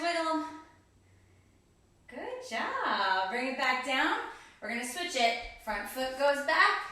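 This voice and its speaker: Bright, slow-paced woman leading kids yoga. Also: high voice. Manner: encouraging, cueing breaths and counting down. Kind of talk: guided kids yoga class. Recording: echoey room, voice from a distance.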